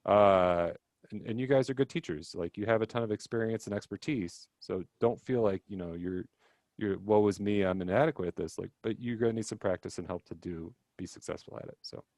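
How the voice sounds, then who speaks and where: A man's voice: lowish voice, a little fast, darkish tone, no echo. A young man leading a teacher workshop on a video call, talking casually with lots of fillers, self-deprecating asides and acted-out quotes.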